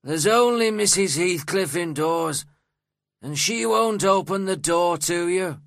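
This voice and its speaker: A man's voice: sits high, slow, vocal fry, a bit bright, no echo, clean studio sound, pitched above the performer's own voice, heavily acted. A man voicing a very old, sour-faced male servant who mutters and growls, in an audiobook reading. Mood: dismissive.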